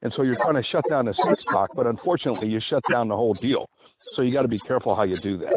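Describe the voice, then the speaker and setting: A man's voice: medium pitch, racing, over a noisy crowd. A man reading and explaining his own dating-advice book, rambling in a chatty way with many asides. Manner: chatty, digressive, lots of asides. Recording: tinny phone-like sound, faint hiss.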